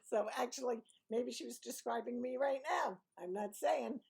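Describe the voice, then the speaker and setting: Woman, light New York accent, fairly high voice, gravelly fry, rambling, self-mocking storyteller. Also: darkish tone. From Brooklyn, New York. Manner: rambling, self-mocking, digressive with quick laughs. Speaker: vlogger. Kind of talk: chatty storytelling monologue.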